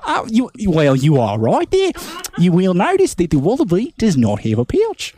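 A man's voice: high voice, huge pitch swings, normal speed, warm tone, heavily acted. A man impersonating a cheerful young Australian wildlife presenter with an Australian accent, showing animals to a talk show audience. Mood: chipper.

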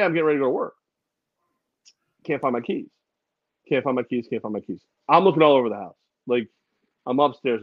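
A man co-hosting a podcast, telling funny stories in a casual, animated way and sometimes putting on voices. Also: mid-range voice, no echo, dull audio. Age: adult with a daughter. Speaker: podcast co-host. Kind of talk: casual chat.

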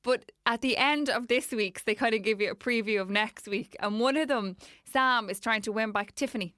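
Irish woman, casual storyteller, dry close sound, quick animated asides. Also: a little high, smooth, no echo. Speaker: podcast guest, former airline worker. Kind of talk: casual chat.

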